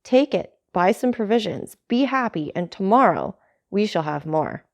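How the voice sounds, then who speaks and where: A woman voicing an earnest young male sailor, heartfelt and urgent, in an audiobook reading, lively and gravelly. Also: mid-range voice, normal speed, natural voice. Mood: eager.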